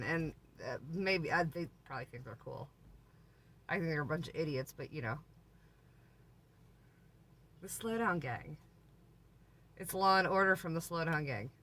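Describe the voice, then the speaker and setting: A woman's voice: fairly low pitch, sharp tone. A woman RV vlogger telling a story in a chatty, laughing, exaggerating way. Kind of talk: story time vlog.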